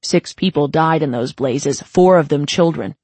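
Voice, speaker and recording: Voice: mid-range voice, normal speed, darkish tone, no room sound, close to an everyday voice. A narrator voicing a weary young gang leader in his twenties who speaks in a cold growl. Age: 20s.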